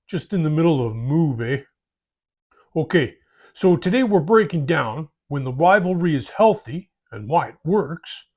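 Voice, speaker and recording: Male host, raspy, gravelly, bouncy folksy delivery. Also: a little high. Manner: folksy, tags sentences with "eh" and "bud". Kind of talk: hobby advice talk.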